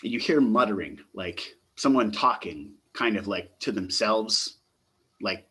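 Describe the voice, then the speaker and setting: A man's voice: fairly low pitch, expressive, unhurried, bright, forceful tone, breathy edge. A man narrating as game master for a tabletop roleplaying game, talking loosely with lots of fillers.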